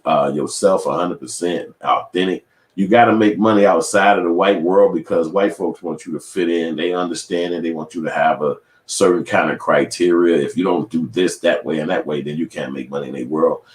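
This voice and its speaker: Sitting low in pitch and heard in an echoey room, this man in his 40s reacts to camera in a casual rant. An independent filmmaker and vlogger from Chicago, he talks in profane, emphatic street language.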